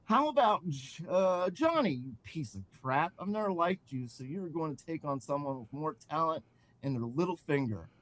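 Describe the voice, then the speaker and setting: A man's voice: a little high, expressive, normal speed, a bit bright, a little hiss or hum, pitched above the performer's own voice. A man voicing a cackling villainous male ringmaster who taunts the wrestlers with gleeful sneers. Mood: taunting.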